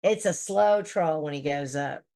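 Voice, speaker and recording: A woman's voice: low-pitched, unhurried, mellow. A woman hosting a casual livestream, reading viewer comments aloud and reacting bluntly with plenty of swearing. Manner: blunt and profane, laughs often. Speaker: livestream host.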